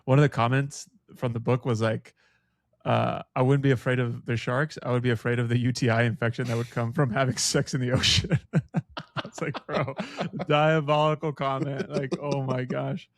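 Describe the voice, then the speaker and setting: A man with a gravelly, creaky voice co-hosting a book podcast. He is playful and laughs often as he riffs on jokes. The sound is dry and close to the mic, with no room echo. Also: mid-range voice, flat delivery, moderate pace. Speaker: podcast co-host. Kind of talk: casual book club chat.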